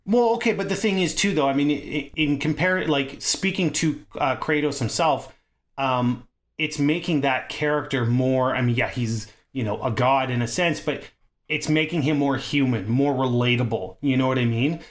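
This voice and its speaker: A man co-hosting a gaming podcast in casual chat, talking in an animated way, swearing freely and laughing often. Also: mid-range voice, moderate pace. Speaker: podcast co-host.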